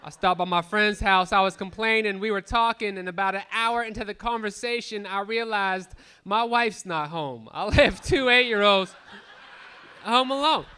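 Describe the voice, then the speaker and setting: A man in his thirties doing profane, animated stand-up comedy on a club stage, bantering with the crowd. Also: high-pitched, normal speed, clean tone. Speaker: stand-up comic.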